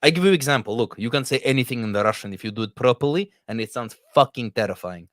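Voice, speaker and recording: A man's voice: mid-range voice, animated, fast talker, hardly any pauses, a bit bright, no room sound, clean studio sound. A man co-hosting a podcast, joking around and swearing freely while talking about films. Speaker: podcast co-host. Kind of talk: casual movie chat.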